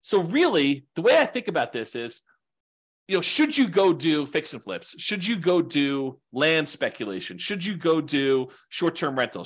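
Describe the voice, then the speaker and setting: A man's voice: on the high side, a bit bright. A man teaching an informal class on real estate investing, talking in a rambling, conversational way with frequent asides.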